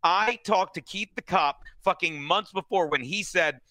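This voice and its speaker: A male comic talks on a podcast in a bright, high voice, heard close and dry. He tells crude stories with lots of swearing, in an animated, mocking way. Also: normal speed, no room sound. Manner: profane, animated storytelling. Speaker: stand-up comedian and podcast guest. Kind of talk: casual podcast chat.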